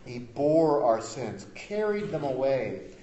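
A man preaching a sermon as pastor. He is emphatic, rising to loud declarations and dropping to quiet asides. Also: medium pitch, big pitch swings, slow pace, roomy sound, lo-fi sound.

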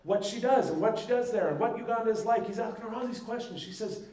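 A man's voice: sits high, fast. A male pastor telling a story in a sermon, acting out the voices of the people in it. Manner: lively storyteller who acts out the dialogue. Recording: echoey room, mic at a distance.

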